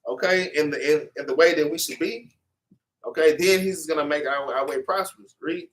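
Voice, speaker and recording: Man, informal Bible class teacher, preachy, repeats himself, high-ish voice, sits back from the mic. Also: normal speed, a bit bright, recorded from a distance. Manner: preachy and repetitive, tags lines with "man" and "okay".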